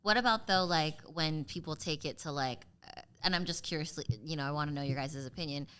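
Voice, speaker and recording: Low-voiced woman chatting on a podcast. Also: brisk, a bit bright, clear, resonant tone. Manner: laid-back, asks questions, agrees a lot, heavy use of "like". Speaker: podcast co-host. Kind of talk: casual podcast chat.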